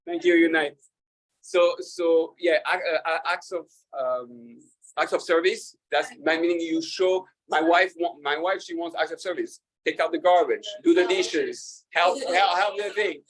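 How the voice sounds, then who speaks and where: A man, a rabbi, talking casually to an audience, halting with fillers and restarts and laughing at his own jokes. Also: on the high side, a bit bright, low-quality recording.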